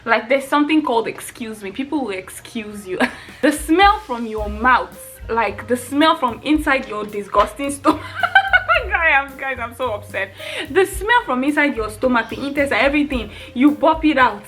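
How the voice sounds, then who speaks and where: A young woman vlogger ranting casually about bad manners, animated and exasperated, breaking into laughter often. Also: high-pitched, normal speed, soft background music.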